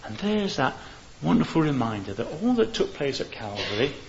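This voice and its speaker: A man's voice: fairly high pitch, sing-song, normal speed, vocal fry. A man preaching an evangelistic sermon in an earnest way, building to fervent appeals. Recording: dull hissy recording.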